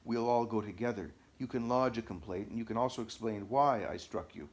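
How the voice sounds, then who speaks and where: A man's voice: lowish voice, brisk. A man reading the lines of the narrator's wife, a strong-willed woman who turns terrified. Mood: defiant.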